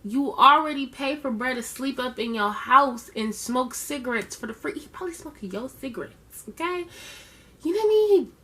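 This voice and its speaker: Casting note: woman reviewer, bright, forceful voice, a bit high, sassy and slangy. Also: animated, moderate pace. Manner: chatty, sassy, slangy asides. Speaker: reality show reviewer. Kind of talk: casual recap commentary.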